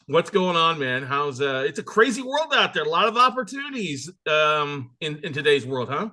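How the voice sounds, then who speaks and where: A man hosting a show, energetic and enthusiastic as he introduces and interviews a guest. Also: fairly high pitch, moderate pace. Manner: hyped, enthusiastic, emphatic. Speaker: podcast host.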